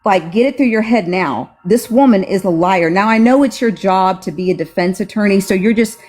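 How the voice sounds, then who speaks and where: A woman's voice: mid-range voice, brisk, a little mellow. A woman on a casual livestream, sassy and emphatic, roasting the people she talks about. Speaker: friend co-hosting the live. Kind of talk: casual live chat.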